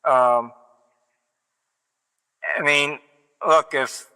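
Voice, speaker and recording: An older man talks through his stories at a relaxed ramble, wandering off on tangents with dry humor. His voice is very bright and clear. A long reverberant room tail trails behind him. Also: a little high, very slow. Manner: digressive storyteller, wry and matter-of-fact. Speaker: interview guest, market forecaster. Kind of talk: rambling anecdotal interview talk.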